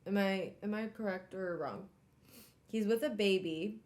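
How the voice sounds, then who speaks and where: A woman hosting a casual live-stream book club, talking in an animated way with exclamations and trailing fillers. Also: medium pitch, unhurried.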